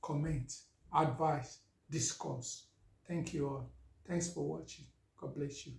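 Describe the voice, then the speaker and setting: A man's voice: fairly high pitch, steady tone, takes it slowly, creaky, a little mellow, reverberant. A man, a vlogger telling a casual story and talking straight to his viewers. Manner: anecdotal, addresses viewers directly.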